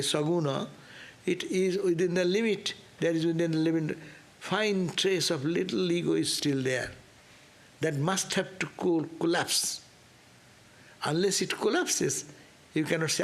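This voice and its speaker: A man's voice: a little high, vocal fry. A man giving a spiritual class talk as a swami, earnest and questioning, with rising emphasis. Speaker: swami teaching scripture.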